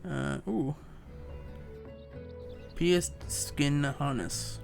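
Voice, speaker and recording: A man's voice: a little high, fairly even intonation, drawn-out words, gravelly, darkish tone, faint music behind. A man casually muttering and musing while playing a story game, self-mocking about his own reading. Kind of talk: casual let's-play commentary.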